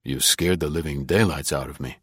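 A man's voice: extremely low pitch, fairly quick, breathy edge, no echo, exaggerated voice. A man voicing a cool, evasive neighbor. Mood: guarded. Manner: calm, polite, dry and dubious. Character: tall, guarded, evasive male neighbor.

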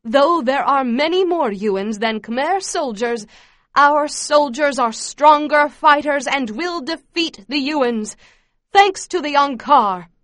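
A woman's voice: sits high, dry recording, studio quality, pitched above the performer's own voice. A woman voicing a zealous female camp leader. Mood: fervent. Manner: loud, slow, zealous declaiming. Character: fervent female camp leader shouting propaganda.

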